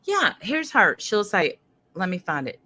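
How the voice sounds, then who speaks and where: A woman's voice: mid-range voice, big pitch swings, unhurried, sharp tone, breathy edge. A woman hosting a casual livestream, rambling and greeting viewers in chat. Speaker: host.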